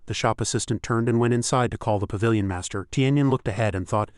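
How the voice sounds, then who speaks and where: A man narrating a story recap in a steady, even storytelling way. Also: on the low side, fast, few pauses, clean tone, no echo, clean studio sound.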